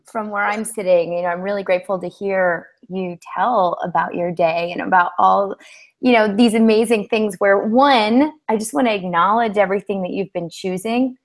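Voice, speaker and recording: A woman hosting a coaching-style conversation, speaking in a meandering, reflective, gently affirming way. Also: medium pitch, moderate pace. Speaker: host.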